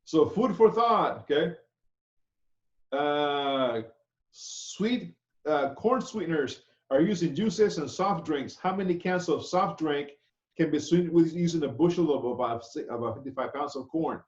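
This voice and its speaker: Chatty chef instructor on a dull, echoey call. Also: male voice, a little high, expressive, unhurried. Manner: chatty, loose, keeps asking "okay?". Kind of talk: casual online class lecture. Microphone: video call.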